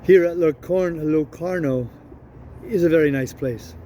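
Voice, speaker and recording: A man reading as an insistent, slow-talking official. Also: fairly high pitch, dark tone, slight background noise, natural voice. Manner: insistent and slow, stumbling over words. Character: eager, insistent male town official.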